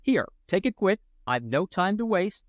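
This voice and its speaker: A man's voice: high voice, very animated, measured pace, no echo, highs cut off, voice pushed up. A man voicing a teasing, unyielding postman who speaks in a curt, firm way.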